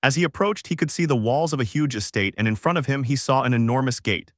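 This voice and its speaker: A man reading a fan fiction story aloud in a steady, even storytelling voice. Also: medium pitch, fast, no room sound, studio quality. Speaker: fanfic narrator. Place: voice-over over game footage.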